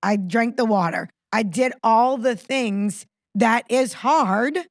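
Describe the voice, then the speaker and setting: A woman in her thirties holds forth on a casual podcast, animated and fired up as she rants. Her voice sits a little high with a gravelly edge of fry. The sound is dry and close, with no room echo. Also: slow pace. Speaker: podcast co-host.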